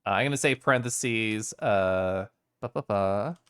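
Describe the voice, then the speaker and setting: A man's voice: lowish voice, measured pace, fairly bright tone, clean tone, no echo, studio quality. A young man streaming at home, casually telling his chat a rambling story full of fillers. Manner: chatty, rambling, frequent fillers.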